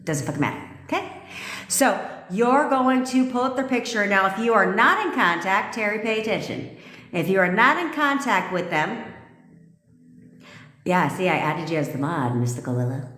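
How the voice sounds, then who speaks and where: A woman's voice: medium pitch, animated, normal speed, a bit bright. Brash, profane woman coach in an echoey room. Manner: reads live comments aloud. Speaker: manifestation coach. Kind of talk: TikTok live stream. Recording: echoey room with long reverb.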